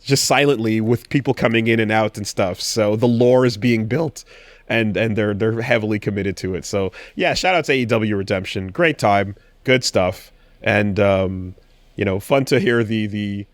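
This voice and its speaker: A man co-hosting a podcast in casual chat, telling an excited story with animated quoted cries and frequent swearing. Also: lowish voice, moderate pace, no echo. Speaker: podcast co-host.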